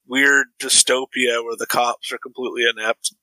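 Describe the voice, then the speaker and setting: Very bright-toned man chatting about films. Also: mid-range voice, lively intonation, moderate pace, no room sound, poor audio. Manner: loose, opinionated, swears casually. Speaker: podcast co-host. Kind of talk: casual movie discussion.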